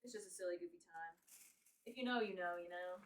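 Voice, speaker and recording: A woman's voice: fairly low pitch, fast. Young woman streamer chatting, swears a lot, laughs a lot, kinda far from the mic in an echoey room. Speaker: livestreamer. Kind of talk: casual live-stream chat.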